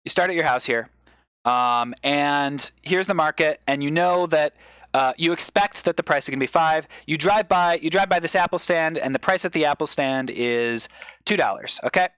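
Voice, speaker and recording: Comedian guy improvising a fake lecture on stream, kinda high voice, rambly, gets excited, dry close mic. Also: normal speed, clean tone, no echo. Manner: rambling explainer with excited bursts.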